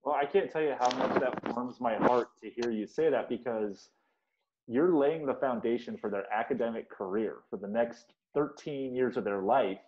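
A man with a mid-pitched voice asks an interviewee questions and praises her answers in an encouraging, casual way. The recording sounds dull and lo-fi. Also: moderate pace, a little mellow, slight background noise. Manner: encouraging and appreciative.

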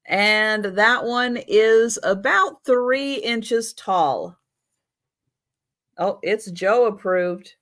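A woman's voice: medium pitch, animated, very slow, fairly bright tone, no room sound, studio quality. A middle-aged woman hosting a live vintage sale, chatting casually and talking to her pets between items. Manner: chatty, talks to her pets in baby talk. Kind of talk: casual live selling chat.

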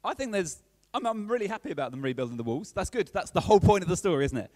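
A man's voice: sits high, big pitch swings, very fast, darkish tone, dry recording. A man preaching a chatty, playful sermon and keeping in touch with his congregation. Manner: chatty and playful, keeps checking in with the audience.

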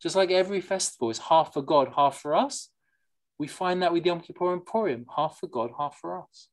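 A teacher leading a study class in an informal lecture. The teacher reads passages aloud, explains them with quick asides, drops in Yiddish and Hebrew terms, and keeps asking the class questions. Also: medium pitch. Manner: lively and digressive, asks the class questions.

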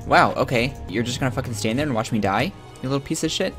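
Crude, excitable man gaming. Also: mid-range voice, fast, faint music behind. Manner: crude, joking, with excited outbursts. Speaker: gamer streaming his own play. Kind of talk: profane let's-play commentary.

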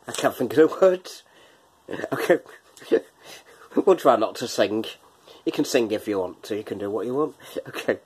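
A man's voice: mid-range voice, sing-song, moderate pace, darkish tone, husky. A man hosting a casual quiz from his kitchen, chatty, laughing often and breaking into bits of song. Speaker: quiz host. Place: home kitchen.

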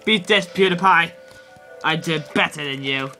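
A woman's voice: deep voice, measured pace, sharp tone, soft background music. Giggly woman doing game commentary. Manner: giggly, exclaiming, repeats words. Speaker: gameplay commentator.

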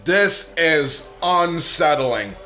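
A man giving a casual, profane reaction commentary while watching a movie, blurting out excited remarks. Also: fairly high pitch, extremely slow. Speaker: reaction video host.

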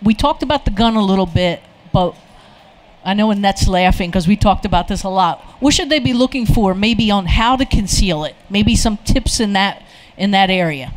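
A woman's voice: medium pitch, animated, moderate pace, a little hiss or hum, rough recording. Woman moderator, encouraging, loose and filler-heavy. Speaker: panel moderator. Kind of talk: moderating a panel. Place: expo hall panel.

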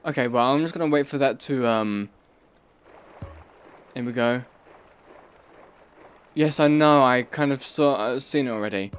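A young man rambling through let's play commentary, breaking into sudden excited yelps and repeated pleas. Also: mid-range voice, measured pace, long pauses, clean tone, no room sound. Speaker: gaming channel host.

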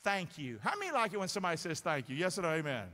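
Male pastor, high and lively voice, call-and-response preaching, echoing sanctuary. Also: racing. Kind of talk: sermon. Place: church sanctuary. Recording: reverberant sanctuary sound.

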